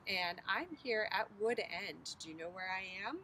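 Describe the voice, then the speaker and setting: A preschool teacher reading a picture book aloud outdoors on a bridge over a creek, with expressive storytelling. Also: female voice, mid-range voice, moderate pace, slight background noise, poor audio.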